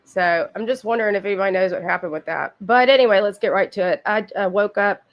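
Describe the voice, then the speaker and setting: A woman hosts a casual livestream while sick with a cold, sniffling between sentences. She talks bluntly and swears freely, drifting into chatty asides to her viewers. Her voice sits at a middling pitch. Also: quick pace, dull audio. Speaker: livestream host. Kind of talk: casual chat with live chat viewers.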